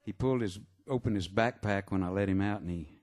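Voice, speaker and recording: Low-voiced man rambling onstage. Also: a little mellow. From Texas. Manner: rambling, halting storyteller with many fillers. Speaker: singer-songwriter performing live. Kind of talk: stage banter between songs. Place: live music venue. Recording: live concert with guitar playing. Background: guitar music.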